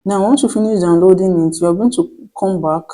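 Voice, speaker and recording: A tutorial host giving step-by-step instructions in a voice-over, with frequent restarts and slow dictation of prompts. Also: medium pitch, dark tone, low-quality recording. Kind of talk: screen-recorded tutorial voice-over.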